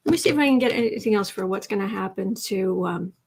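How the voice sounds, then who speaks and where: A woman hosting a live tarot stream from home, excited and teary, her voice shaky as she chats and laughs. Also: medium pitch, quick pace, creaky, slightly rough. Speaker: tarot reader host. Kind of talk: emotional live-stream chat.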